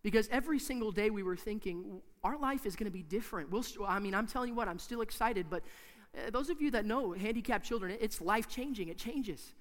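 A man's voice: high-pitched, a little fast. Emphatic male preacher in a reverberant hall. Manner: emphatic, repetitive preaching with swings from hushed to loud. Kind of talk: sermon.

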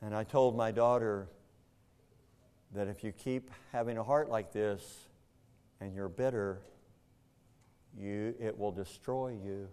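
An older man, a pastor, preaching a sermon and telling a painful family story, jumping between shouted questions and hushed, heavy passages. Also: fairly low pitch, fairly even intonation, slow, pauses often, smooth.

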